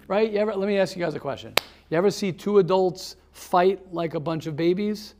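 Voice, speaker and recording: A rabbi running a seminar gives a motivational talk to a small group, his voice high and his pace moderate. He's an animated storyteller who calls on listeners by name and repeats words for emphasis.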